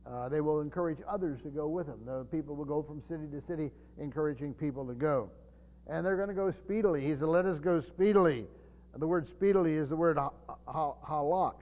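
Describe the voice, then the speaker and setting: A man's voice: a little high, fast. A man teaching a Bible sermon as a pastor, earnest and explanatory, with frequent fillers and restarts. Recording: dull long-reverb hall sound.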